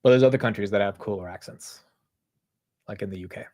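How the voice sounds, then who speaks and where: A young man hosting a stock market livestream, talking casually in a rambling, animated way and saying "bro" and "dude" a lot. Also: fairly low pitch, quick pace.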